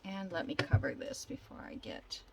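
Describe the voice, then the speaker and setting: A woman's voice: fairly low pitch, lively intonation, normal speed, creaky, heavy background noise. An older woman chatting casually as she works on a craft project, thinking aloud and telling a long, rambling story. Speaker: junk journal crafter.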